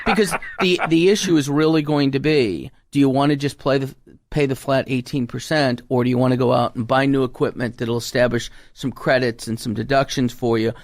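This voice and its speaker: A man's voice: mid-range voice, little pitch movement, fairly quick, a little hiss or hum. A man, a tax advisor guest on a radio talk show, chatting in a folksy way and acting out his clients' lines as he tells stories. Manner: folksy storyteller, acts out client dialogue.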